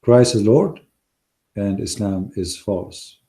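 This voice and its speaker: Hoarse, emphatic man with a dark voice. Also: fairly low pitch, expressive, takes it slowly. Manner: emphatic, scornful, non-native grammar. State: hoarse, losing his voice. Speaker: online Christian debater. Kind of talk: polemical talk to a live audience.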